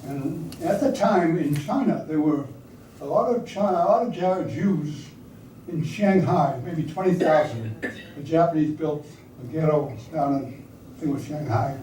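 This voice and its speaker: A man's voice: fairly high pitch, expressive, unhurried, mellow, a little hiss or hum. An older man telling anecdotes to an audience in a conversational way, sometimes asking the listeners questions. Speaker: speaker recounting wartime service. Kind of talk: storytelling talk to an audience. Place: hall or meeting room with audience. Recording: echoey room, speaker far from mic.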